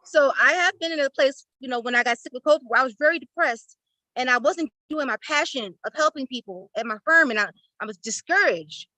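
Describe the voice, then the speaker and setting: On a video call from a laptop or phone, a woman in an online class gives an emotional, tearful testimony of gratitude, pouring out heartfelt thanks. Her high voice is animated, bright and forceful, and she speaks fairly quickly. The recording is dry and rough.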